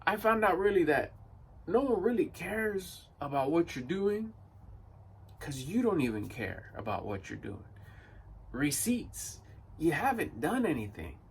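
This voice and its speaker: Blunt, animated man giving motivation. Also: on the high side, a little slow, recorded from a distance, a little hiss or hum. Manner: blunt, emphatic, rhetorical. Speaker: motivational vlogger. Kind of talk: motivational monologue.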